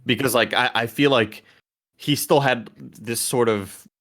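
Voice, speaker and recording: Bright-voiced man gushing about a film. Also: mid-range voice, fairly even intonation, a little slow. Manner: enthusiastic, gushing, many "like" fillers. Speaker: podcast co-host. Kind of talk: casual film discussion.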